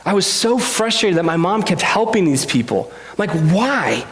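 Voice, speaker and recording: A man's voice: high-pitched, expressive, normal speed, fairly bright tone. A man preaching a sermon in a church, earnest and confessional, often stumbling over repeated words. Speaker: pastor. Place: church sanctuary. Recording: echoey hall.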